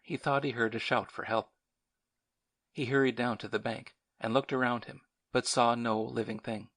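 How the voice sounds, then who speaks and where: A man reading an audiobook in a steady, measured narration. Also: medium pitch, no echo, studio quality. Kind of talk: scripted narration.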